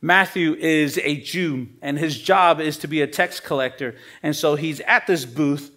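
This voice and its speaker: A male pastor preaching a sermon in a casual, conversational way with everyday slang. He swings between emphatic rises and quiet, trailing drops. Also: on the high side, measured pace.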